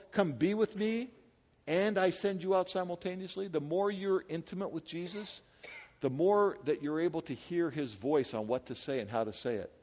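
A middle-aged male pastor preaching a sermon in a lively, conversational way, firing rhetorical questions at a congregation. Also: sits high, long reverb tail.

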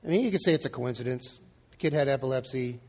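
A man's voice: mid-range voice, fast, long reverb tail. A male pastor preaching a sermon in a casual, conversational way, acting out the quoted lines. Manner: conversational, acts out quotes in dialogue.

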